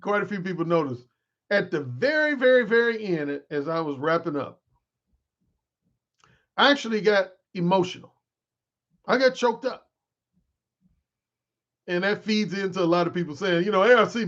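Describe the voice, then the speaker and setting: Animated high-voiced man on a livestream. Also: normal speed, long pauses, muffled recording. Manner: candid and animated, with frequent restarts. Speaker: dating coach and author. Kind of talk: livestream talk to followers. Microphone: desk microphone he adjusts mid-stream.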